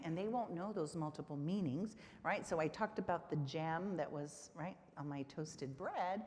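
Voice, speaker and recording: A woman's voice: on the low side, darkish tone, a little hiss or hum. A woman giving a conference lecture on literacy teaching, engaging the audience with frequent "right?" checks. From Texas. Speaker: conference presenter on literacy instruction. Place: conference hall. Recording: reverberant hall.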